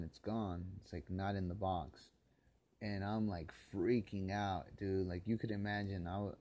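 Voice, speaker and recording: A man's voice: fairly low pitch, mellow. A man from the Los Angeles area in a rambling solo podcast monologue, talking bitterly and with constant swearing, often rising into angry rants.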